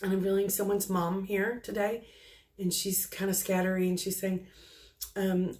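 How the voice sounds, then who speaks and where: This middle-aged psychic medium has a mid-range voice with little pitch movement. She gives spirit messages softly and falteringly, with many pauses and restarts along the way.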